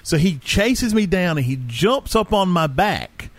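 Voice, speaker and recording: A man with a high voice swings widely in pitch as he tells a story among friends. He keeps it loose and animated, often breaking into laughter. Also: unhurried, dry recording. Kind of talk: casual chat.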